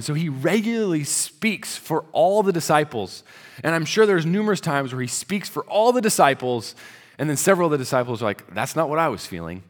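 A man preaching a sermon, retelling the story conversationally and dropping to a soft, low voice at solemn moments. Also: long reverb tail. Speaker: pastor.

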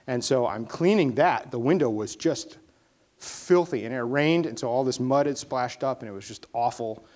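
A man's voice: medium pitch, normal speed, darkish tone. A man preaching a sermon in a casual storytelling way, with emphatic bursts on key points. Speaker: pastor. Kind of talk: conversational sermon.

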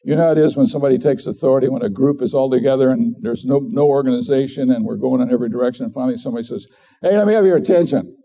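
A middle-aged man preaches in an earnest, conversational way, often backing up to restart a phrase. His voice is deep and very mellow, with a dark, warm color. He speaks as a pastor addressing his congregation. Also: fairly even intonation, rapid-fire, hardly any pauses. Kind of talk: sermon.

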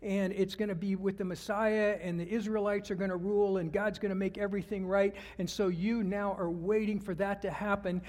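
High-voiced preaching man in a reverberant hall. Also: little pitch movement, brisk, hardly any pauses, a little mellow. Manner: conversational, asks the congregation questions. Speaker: pastor. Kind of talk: sermon.

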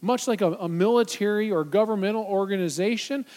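High-voiced man preaching a sermon. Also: fairly quick, darkish tone. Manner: emphatic preaching with rhetorical questions. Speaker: pastor.

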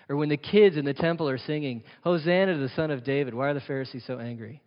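A man's voice: medium pitch, fast, hardly any pauses. Man preaching a sermon in a hall. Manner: rhetorical questions, emphatic repetition. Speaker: pastor. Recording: dull sound with long reverb of a hall.

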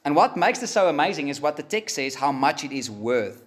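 A man preaching a sermon, emphatic and pausing, rising for emphasis. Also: on the high side, very animated. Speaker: pastor.

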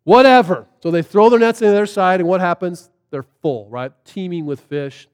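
A man's voice: sits high, expressive, brisk, smooth, in a large hall. A man preaching a sermon, telling the story casually and animatedly, with plenty of fillers. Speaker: pastor.

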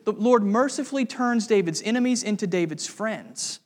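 A man's voice: high-pitched, animated, normal speed, big-room sound. A man preaching an expository sermon, emphatic and posing rhetorical questions to the congregation.

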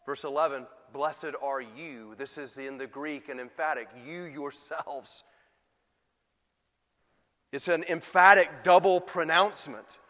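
A man with a high-pitched voice preaches a sermon. He drops to quiet asides, then climbs to emphatic peaks. His words ring out with the long reverb of a large hall. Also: measured pace. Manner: preaching with big swings in loudness, rising to emphatic peaks. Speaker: pastor.

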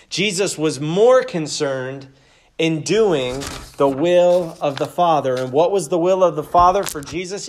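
A man delivers a sermon in a church at a deliberately slow, measured pace. His voice sits a little higher than most men's, and his delivery is earnest, moving between scripture readings and a prayer. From United States. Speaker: pastor.

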